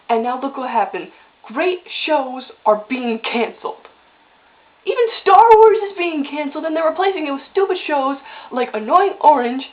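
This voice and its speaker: High-voiced woman ranting, lo-fi sound. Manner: impassioned, exclamatory, voice breaking when upset. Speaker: vlogger reviewing a cartoon finale. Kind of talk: emotional ranting review.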